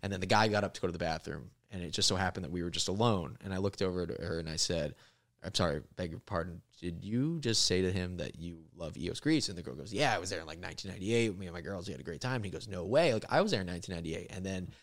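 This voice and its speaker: A young man with a lowish voice tells a rambling travel story in casual chat. He is animated and profane, and he speeds up and slows down as the tale builds. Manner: animated, profane, laughs through punchlines. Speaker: comedian guest.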